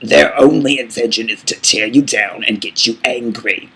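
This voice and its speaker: A man playing a vain, creaky old diva. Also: medium pitch, moderate pace, sharp tone, full character voice, poor audio. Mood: self-important. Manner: theatrical, calls everyone darling, boastful asides. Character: vain aging female diva singer, grandly self-adoring. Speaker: channel host answering fan questions. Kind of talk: comedic character vlog.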